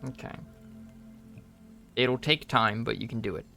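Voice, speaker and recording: Slow-talking game master, bright tone. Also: male voice, lowish voice, vocal fry, soft background music. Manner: hesitant, many fillers, easygoing. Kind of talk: narrating a tabletop game.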